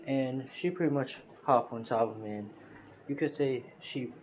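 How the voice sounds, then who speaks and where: A man's voice: medium pitch, normal speed, a little mellow, slight background noise, rough recording. Rambling man telling a fan story. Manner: rambling, heavy on fillers and restarts. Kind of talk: improvised fan story narration. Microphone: phone screen recorder.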